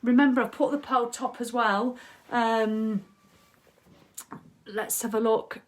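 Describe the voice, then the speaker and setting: A woman's voice: on the high side, slow. Chatty woman on a live stream. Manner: chatty, animated, reads viewer comments aloud. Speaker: wellness coach hosting a live video. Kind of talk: casual live-stream chat.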